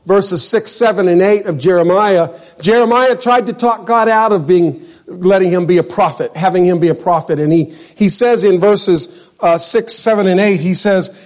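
A man's voice: sits high, normal speed, a little mellow. Older male preacher, conversational sermon. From Central California. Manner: conversational preaching, addresses listeners by name.

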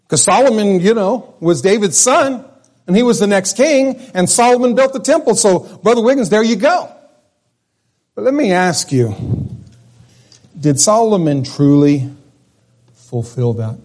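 Male pastor, high-pitched, folksy conversational sermon, lots of restarts. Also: animated, a little slow, pauses often, darkish tone.

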